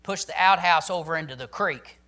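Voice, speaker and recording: A man's voice: a little high, brisk, sharp tone. A man voicing a stern old country farmer in a joke, with a dry delivery.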